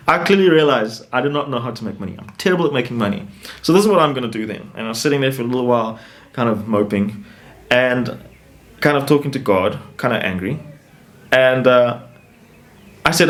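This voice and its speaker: Animated rambling man telling his story. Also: mid-range voice, fast. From South Africa. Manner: rambling and animated, with restarts and rising emphasis. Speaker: interview guest. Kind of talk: casual storytelling.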